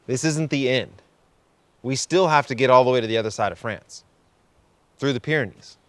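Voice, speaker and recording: A man's voice: medium pitch, moderate pace, pauses often, a bit bright, dry recording. A man who hosts a cycling channel, talking in earnest, reflective short phrases about a hard ride. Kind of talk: confessional vlog narration.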